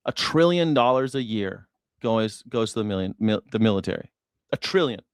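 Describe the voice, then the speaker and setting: A man's voice: lowish voice, animated, normal speed, smooth, dry recording, clean studio sound. A man hosting a news reaction stream, ranting sarcastically and swearing as he argues with his chat. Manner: profane, sarcastic, arguing with chat. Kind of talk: heated political commentary.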